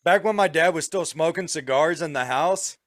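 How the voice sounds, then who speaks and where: Animated swearing dad, higher voice. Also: male voice, moderate pace, dry recording, clean studio sound. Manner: crude, animated storyteller. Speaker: podcast co-host, father. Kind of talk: casual chat.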